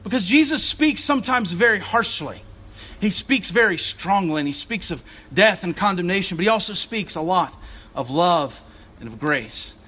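A man's voice: sits high, lively intonation, normal speed, bright, forceful tone, slightly rough. A man preaching a sermon as a church's assistant rector, earnest and searching, often restarting his phrases. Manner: earnest, searching delivery with frequent restarts and fillers.

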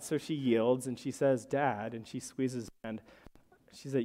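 A man preaching a sermon as pastor, telling stories in a conversational, lively way. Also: medium pitch, moderate pace. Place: church. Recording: church hall with long reverb.

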